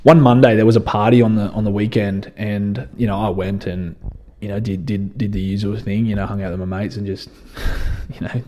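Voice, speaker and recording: A young Australian man, guesting in an interview, reflects on his own story in a fairly low, warm and mellow voice. He talks fairly quickly in a relaxed, conversational way, restarting phrases and often saying "you know."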